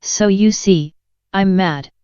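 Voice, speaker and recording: A woman reading the part of a sly, grinning cat who speaks in riddles, in a slow, dull lo-fi recording. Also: medium pitch, mellow, smooth, dry recording, natural voice. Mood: teasing. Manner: teasing, matter-of-fact. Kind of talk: audiobook character reading. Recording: dull lo-fi sound.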